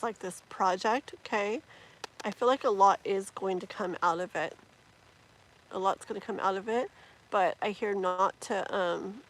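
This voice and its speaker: A woman's voice: mid-range voice, slight background noise, poor audio. A woman giving tarot readings on a live stream, chatty and rambling with many fillers and restarts. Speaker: tarot reader.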